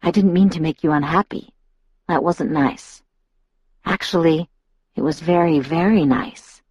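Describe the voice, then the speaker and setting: Brief: woman reading a cool, controlled young male lover; soft, measured, lowish, chiding. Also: husky. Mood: gentle. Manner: quiet, measured, softly chiding. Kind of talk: audiobook narration.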